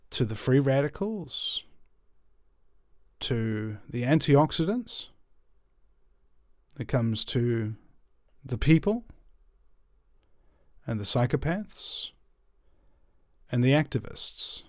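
A man delivers a motivational monologue in a slow, deliberate way. He tells it with emphatic, animated storytelling. The recording is dry and close. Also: medium pitch, no room sound.

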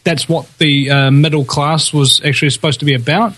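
A man's voice: a little high, fairly even intonation, a little fast, fairly bright tone. A man on a talk radio show, explaining his views at length in a thoughtful way, with many uhs.

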